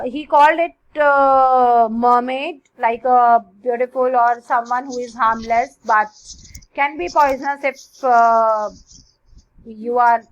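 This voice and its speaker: A woman's voice: sits high, lo-fi sound. A woman with an Indian English accent, teaching literature and going over exam answers, slipping into Hindi now and then. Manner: explains answers, slips into Hindi. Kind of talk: exam prep lecture.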